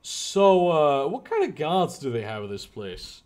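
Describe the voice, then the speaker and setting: Streamer type, man, joking and crude, high lively voice. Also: unhurried, few pauses. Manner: joking, crude, rambling asides. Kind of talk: live game playthrough commentary.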